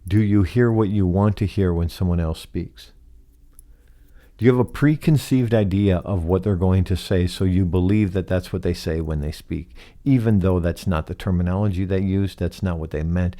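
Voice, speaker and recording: A man hosting a reflective solo podcast, speaking slowly and softly and asking many rhetorical questions. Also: deep voice. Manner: slow, soft-spoken, asks many rhetorical questions. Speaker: podcast host.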